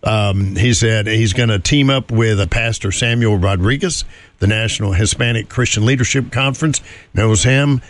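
A man's voice: on the low side, moderate pace. A man hosting a morning show, chatting casually and rambling with fillers and chuckles. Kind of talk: casual radio chat.

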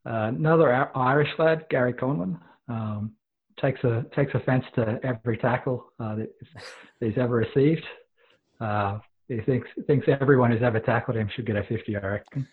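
Guest, man, low and husky, hesitant, over a tinny call line. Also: normal speed. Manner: hesitant, many fillers. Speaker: guest, club member. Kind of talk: casual podcast interview.

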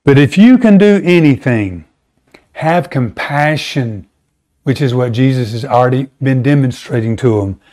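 Guy preaching, chatty but emphatic, jumps up high to make a point. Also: warm tone. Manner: conversational, emphatic preaching with sudden pitch rises. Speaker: pastor. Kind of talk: sermon.

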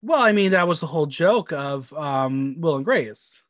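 A man with a fairly high voice leads a casual podcast chat, stumbling through quick restarts as he talks. He is recorded close and dry, with almost no room sound. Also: lively intonation, fairly bright tone, no room sound. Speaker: podcast co-host.

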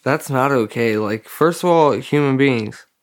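A man's voice: mid-range voice, unhurried. A young man co-hosting a casual podcast chat, loose and profane, with many fillers. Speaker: podcast co-host.

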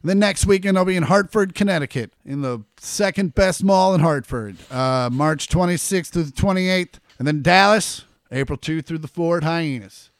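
A man's voice: on the high side, normal speed, hardly any pauses, no echo, clean studio sound. A man hosting a podcast in casual chat, swearing a lot and ranting in mock anger. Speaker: podcast host and comedian.

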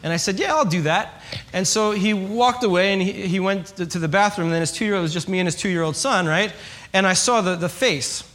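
A pastor preaches a sermon in a high, fairly bright voice, talking a little fast. He tells stories with humor in a conversational style and checks in with his listeners.

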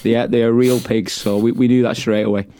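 A man's voice: mid-range voice, little pitch movement, quick pace, mellow, slight background noise. A man co-hosting a podcast, recapping a wrestling show in a chatty way, laughing often and repeating his words. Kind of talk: casual chat, play-by-play recap.

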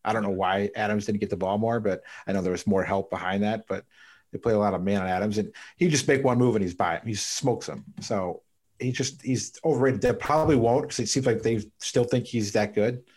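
Male podcast guest. Low voice, rapid delivery, blunt and matter-of-fact. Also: darkish tone, husky. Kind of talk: casual podcast chat.

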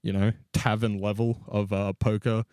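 A man's voice: on the low side, little pitch movement, moderate pace, darkish tone, clean tone, no room sound, studio quality. Rambling, self-mocking man. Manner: rambling, self-mocking, laughs through the story. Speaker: podcast co-host. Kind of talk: casual storytelling.

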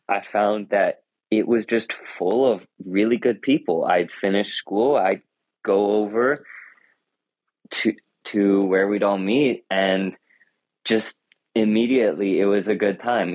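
A man's voice: fairly low pitch, fairly even intonation, takes it slowly, dry recording, low-quality recording. A teenage boy answering interview questions in a thoughtful, earnest way, often restarting his sentences. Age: teens. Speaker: high school runner and guest.

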